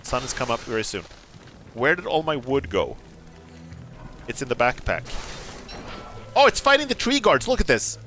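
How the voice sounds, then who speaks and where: A man streaming a video game, commenting casually, excitable, swearing and laughing often. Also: mid-range voice, normal speed, pauses often, soft background music. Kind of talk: let's play commentary.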